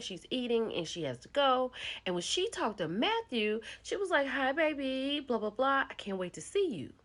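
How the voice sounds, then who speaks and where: A woman host recapping a reality show in a chatty, animated storytelling way, speaking. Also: medium pitch.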